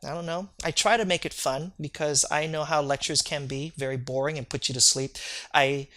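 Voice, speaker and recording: Online lecture, energetic teacher, jokey, keeps asking okay, bright tense tone. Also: mid-range voice, a little fast. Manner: energetic, joking, checks in with "okay?". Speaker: medical terminology lecturer. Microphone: recorded video lecture.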